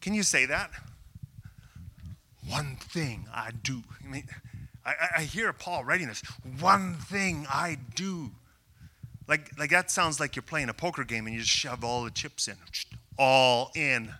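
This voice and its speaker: An older man from Canada preaching a sermon, telling a self-deprecating story with rising excitement. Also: medium pitch, moderate pace. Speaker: pastor.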